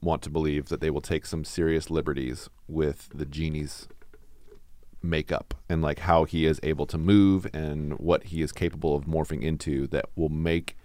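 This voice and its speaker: A man's voice: a bass voice, level tone, moderate pace, darkish tone, dry recording. A man co-hosting a casual podcast, joking wryly and laughing often. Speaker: podcast co-host.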